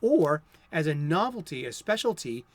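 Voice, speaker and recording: A man in his fifties talks his way through a comic book monologue with firm opinions. His voice sits a bit higher than most men's. He speaks conversationally and sometimes stumbles and restarts a phrase. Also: big pitch swings, normal speed, dry recording. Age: 50s. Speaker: comic book video host. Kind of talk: casual monologue.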